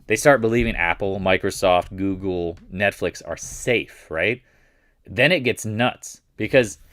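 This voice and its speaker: A man with a low, deep voice hosts a live market recap in a loose, chatty way. He gets excited and rambles, hopping from one thought to the next. The sound is dry and close, with no room echo. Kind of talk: casual live stream commentary.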